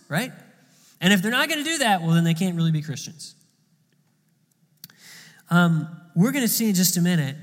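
A man's voice: fairly high pitch, big-room sound. A man preaching a sermon in a conversational way, often repeating words as he goes. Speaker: pastor.

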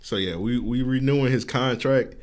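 A man's voice: mid-range voice, normal speed. A man co-hosting a podcast in casual chat, joking around and laughing often. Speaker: podcast co-host.

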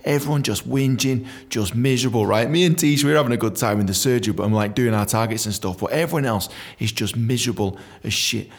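Young bloke telling a rowdy story, lots of swearing, gravelly voice, middle pitch. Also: male voice, fast, few pauses. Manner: animated, swears a lot, says "man" often. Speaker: podcast storyteller. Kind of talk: casual storytelling.

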